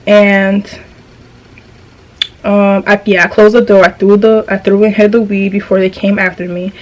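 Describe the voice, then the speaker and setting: A woman's voice: medium pitch, flat delivery, normal speed, low-quality recording. Young woman doing a storytime vlog, super casual, slang and cussing, keeps restarting sentences. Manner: chatty, slangy and profane, with frequent restarts. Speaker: vlogger.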